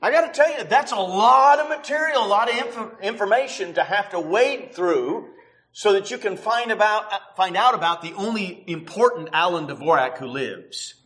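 A middle-aged man preaching a sermon as a pastor, telling stories in a lively way with frequent chuckles. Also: sits high, moderate pace. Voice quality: lively storyteller, chuckles often.

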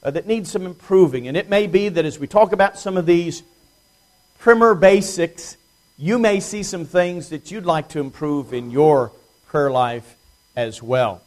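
A male preacher with a slightly high voice teaches an evening Bible study to his congregation. He talks in a plain, unhurried way, slows down to stress key words, and drops in dry, self-deprecating humor. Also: a little mellow. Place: church congregation.

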